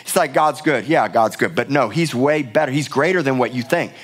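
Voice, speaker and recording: A man's voice: mid-range voice, fairly quick, husky. A middle-aged male pastor preaching a sermon in a church, emphatic and passionate, often repeating words for force. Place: church sanctuary.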